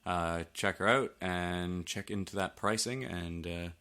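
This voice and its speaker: Low-voiced guy cohosting a podcast, loose and sweary. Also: measured pace, sharp tone, clear, resonant tone. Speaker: podcast co-host. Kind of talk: casual chat.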